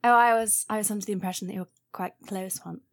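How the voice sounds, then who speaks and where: A woman's voice: medium pitch, fairly even intonation, quick pace, close to an everyday voice. A woman voicing a bird sister faking a posh lady, prim and over-polite.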